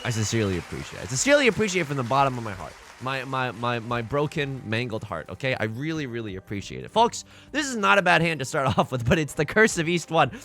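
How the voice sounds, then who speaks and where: A young man giving casual, self-mocking commentary over a mahjong game, jokey and animated. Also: medium pitch, fast, few pauses, a faint crowd, slight background noise. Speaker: mahjong streamer. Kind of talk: casual let's-play commentary.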